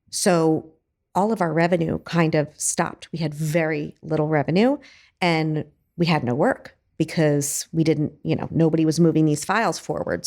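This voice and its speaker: A chatty woman with a fairly low voice, guesting on an interview show. She talks casually about her work, leaning on filler words as she goes. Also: a little mellow. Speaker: podcast guest, business owner.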